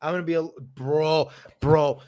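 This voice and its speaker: Animated comedian guest, slightly high voice. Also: male voice, moderate pace, noisy background. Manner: animated, slangy, mocking. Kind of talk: casual podcast chat.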